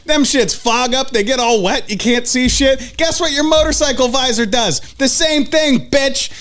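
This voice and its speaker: High-voiced ranting podcast man. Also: normal speed, faint music behind. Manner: ranting, loud and profane. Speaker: podcast co-host. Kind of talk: profane casual banter.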